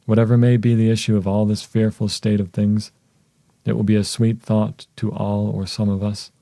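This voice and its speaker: Devoted young wife, soft and solemn, man reading her lines, low and flat. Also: normal speed, gravelly, dry recording. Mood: solemn tender.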